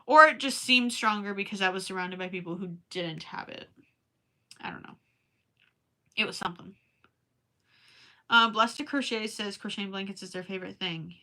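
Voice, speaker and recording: A young woman with a Minnesotan accent rambles to her viewers while she crochets late at night. Her voice is bright and forward but tired, and her talk is easy and chatty. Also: medium pitch, moderate pace, pauses often. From Minnesota, USA. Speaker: crochet livestreamer. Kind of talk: casual chat while crafting.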